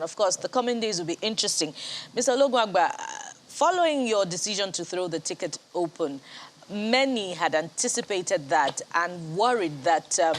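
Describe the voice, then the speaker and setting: A woman anchoring a TV news interview, asking a question in a brisk, composed way. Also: fairly low pitch, slight background noise. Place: TV studio.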